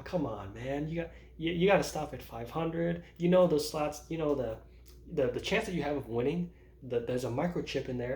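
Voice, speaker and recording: A man's voice: a little high, darkish tone. Rambling man in his thirties, roomy sound. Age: 30s. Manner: rambling, self-interrupting, laughs at himself. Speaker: vlogger. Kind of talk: casual personal vlog. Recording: roomy echo.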